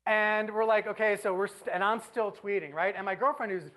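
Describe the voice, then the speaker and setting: Animated woman telling a story on stage. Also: medium pitch, normal speed, poor audio. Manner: animated, exasperated storytelling with bursts of shouting. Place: stage before an audience.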